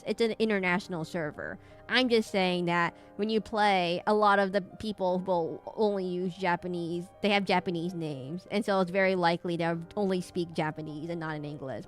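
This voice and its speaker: A young woman streaming a game, chatting casually and thinking aloud in a rambling way. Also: lowish voice. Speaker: VTuber streamer. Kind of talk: casual gaming stream chat.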